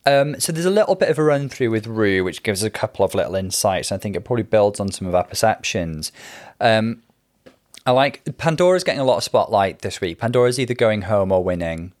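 A man's voice: lowish voice, animated, brisk, darkish tone. A man co-hosting a casual chat, chatty and opinionated, with gushing asides. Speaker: podcast co-host.

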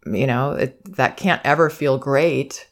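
A woman parenting educator giving calm, reflective advice in a monologue, sometimes acting out soothing phrases meant for a child. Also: a bass voice, takes it slowly. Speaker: parenting educator and podcast host.

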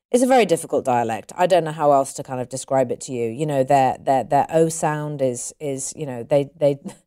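An actress talking casually as an interview guest, animated, laughing often and restarting her sentences. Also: a bass voice, moderate pace, clear, resonant tone.

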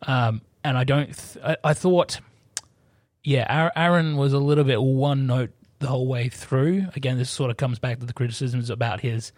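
A man's voice: medium pitch, steady tone, moderate pace, a little mellow, dry recording. Tentative man with a dry voice. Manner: tentative, repeating words. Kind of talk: casual film review chat.

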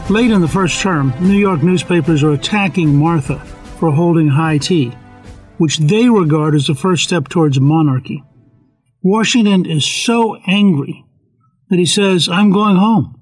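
A man with a husky, slightly raised voice tells history in an animated way. He slips into short quoted lines for the figures he talks about. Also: on the high side, a little slow, faint music behind, low-quality recording. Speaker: speaker on history. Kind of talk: history storytelling talk.

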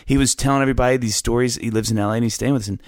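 A man in casual conversation, telling lively stories and acting out the voices of the people in them. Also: medium pitch, rapid-fire, no echo, clean studio sound. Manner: animated storyteller, acts out quoted voices.

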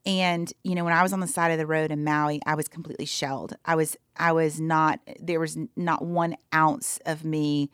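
A woman with a slightly low-pitched voice tells her story with animated energy, acting out her own inner voice as she goes. The recording is dry and close, with no room sound. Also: moderate pace, hardly any pauses, smooth, no echo. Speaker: endurance athlete guest. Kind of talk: storytelling in a podcast interview.

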